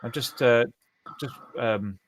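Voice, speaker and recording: A man in his twenties or thirties, running a tabletop game online as dungeon master, talking in a relaxed, chatty way with many fillers. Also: mid-range voice, slow pace, slight background noise.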